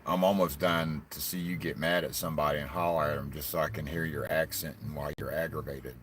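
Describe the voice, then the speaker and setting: A man with a deep, low voice and a Southern hillbilly drawl talks to his viewers in a loose, rambling live stream. His talk is blunt and full of cussing. A faint background ambience sits under the voice. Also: steady tone, a little fast, a bit bright, slight background noise. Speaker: livestreaming vlogger. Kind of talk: casual live-stream chat.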